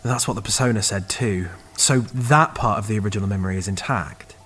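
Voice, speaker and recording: A man playing a wry, husky technician. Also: lowish voice, a bit bright. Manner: dry and wry, quick asides.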